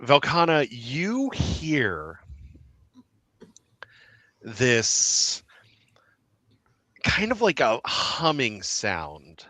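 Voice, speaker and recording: A man narrating as game master of a tabletop game, theatrical and fond of shouted sound effects. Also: medium pitch, wildly swooping pitch, drawn-out words, pauses often, no echo.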